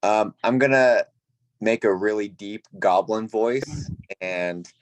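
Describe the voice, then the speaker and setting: A man plays a character in a tabletop game, talking slowly with ums and pauses as he works out his moves. His voice sits low and sounds dry and close. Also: no echo. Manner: unhurried, hesitant, fillers. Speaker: player. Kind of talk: casual tabletop play.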